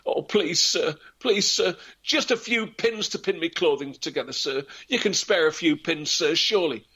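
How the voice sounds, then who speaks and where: Man doing timid peasant girl, high voice, breathy, begging. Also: normal speed, sharp tone. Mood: wheedling. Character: poor pleading teenage peasant girl, timid.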